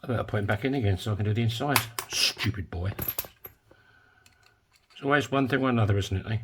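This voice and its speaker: Joking low-voiced man. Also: fast, fairly bright tone, slight background noise. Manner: joking, rambling asides. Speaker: coin ring maker. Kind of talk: casual workshop narration. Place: home workshop.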